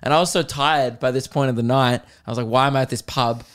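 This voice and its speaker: A young Australian man tells a long pub story on his comedy podcast, loose and chatty. He keeps acting out the other people with quick put-on voices, swears casually and laughs at his own lines. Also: medium pitch. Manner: animated, acts out quoted voices, swears freely, laughs mid-story.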